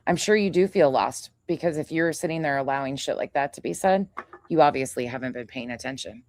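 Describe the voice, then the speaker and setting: A woman hosting a livestream delivers a heated rant in a low, darkish voice, talking a little fast. The studio-quality audio has no echo, and she's angry, profane and confrontational, calling out another creator while reading chat names aloud.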